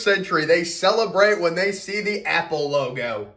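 Man, somewhat high voice, casual vlog, rambling, self-mocking, sweating, home office. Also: moderate pace, hardly any pauses, fairly bright tone, husky. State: sweating from the heat. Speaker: vlogger. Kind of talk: casual vlog talk to camera. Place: his home office, indoors.

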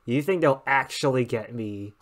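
A man's voice: mid-range voice, normal speed. A man giving casual gameplay commentary with wry, sarcastic asides. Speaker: let's play gamer.

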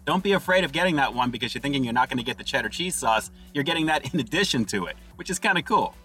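A man's voice: mid-range voice, animated, fast talker, pushed and bright, faint music behind. A man doing an upbeat casual food review from inside a parked car, calling his viewers "guys" and chewing between lines.

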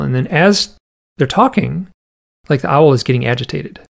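Gravelly-voiced man telling a story. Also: fairly high pitch, animated, moderate pace. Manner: rambling, with lots of "like" asides; acts out the quoted voices in the story. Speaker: interview guest. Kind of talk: casual storytelling.

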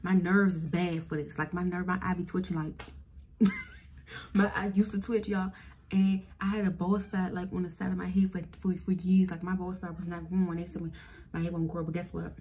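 A young woman tells a personal story in a casual vlog, talking straight to her viewers. Her voice sits a little low, and she is animated and swears freely. A faint hum of ambience runs under the recording. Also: normal speed. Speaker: vlogger.

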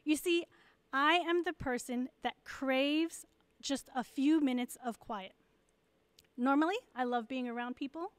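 Woman, church message to moms: high, clear voice, dry close sound, candid and encouraging. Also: measured pace, dry recording. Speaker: pastor's wife.

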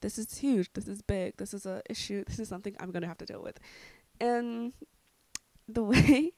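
A young woman rambles through a casual storytime, her voice carrying a gravelly fry. She peppers her talk with fillers and darkly joking asides. The sound is dry and close, with no room around it. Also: medium pitch, normal speed, warm tone, dry recording. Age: young adult. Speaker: vlogger.

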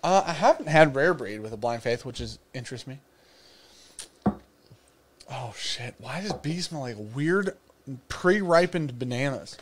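A man's voice: mid-range voice, animated, unhurried, long pauses, a little hiss or hum. A man co-hosting a live whiskey stream, joking and cursing in casual banter. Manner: joking, profane, teasing. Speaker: podcast co-host.

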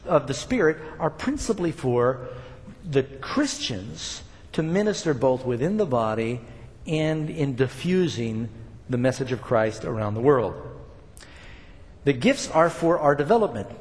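A man's voice: mid-range voice, very animated, unhurried, a little mellow, big-room sound. An older man preaching a sermon, talking casually to the congregation and building up emphatic points. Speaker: pastor.

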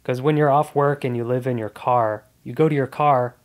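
A man's voice: mid-range voice, fairly even intonation, moderate pace. A man in his thirties, a comedian guest on a podcast, telling his life story in a casual, earnest and reflective way.

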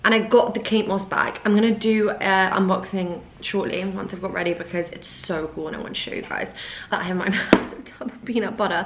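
A young woman talks straight to the camera in a casual vlog, her pitch sitting in an ordinary middle range. She chats at home and gushes freely, with "like" scattered through nearly every sentence. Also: steady tone, a little fast, muffled recording, background noise. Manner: chatty, says "like" often, gushing. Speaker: fashion vlogger. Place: at home indoors.

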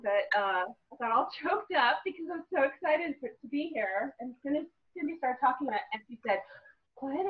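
Woman participant, eager and chatty, slightly high voice, dull call audio. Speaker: participant following along. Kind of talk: casual chat on a live call.

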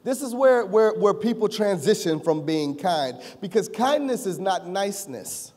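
High-voiced preacher in an echoing hall. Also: male voice, very animated, measured pace, few pauses. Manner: rising to shouts, joking with the congregation. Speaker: pastor. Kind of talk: preaching a sermon. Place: church sanctuary. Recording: long reverb of a church hall.

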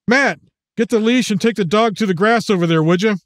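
A man's voice: sits high, fairly quick, no echo, clean studio sound, voice pushed up, lightly acted. A man doing a flustered, reassuring dad. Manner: hesitant, reassuring. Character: flustered father, middle-aged engineer.

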